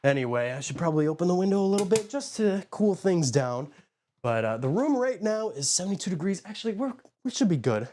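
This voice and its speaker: A man's voice: high voice, big pitch swings, fast, dark tone. A man casually chatting on a live stream from a room at home, rambling as he greets viewers by name. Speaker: live streamer showing his pet enclosures.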